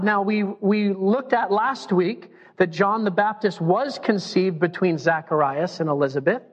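A high-pitched man preaching a lively sermon, slipping into the voices of the people he quotes. His voice rings out with a long reverb through a church sanctuary. The sound is dull and muffled. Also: measured pace, few pauses. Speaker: pastor.

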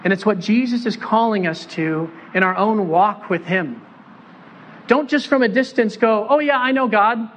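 A man with a high-pitched voice preaching a sermon to a church congregation. He keeps it conversational and light, joking and asking the listeners questions. A faint hiss of room noise runs underneath. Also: expressive, moderate pace. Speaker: pastor.

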